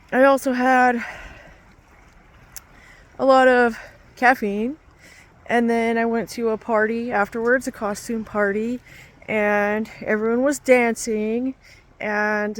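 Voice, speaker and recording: A woman, a fitness instructor and aerialist, talking earnestly into her handheld phone outdoors, shivering in the cold, with many fillers and restarts. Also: fairly high pitch. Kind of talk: casual testimonial vlog.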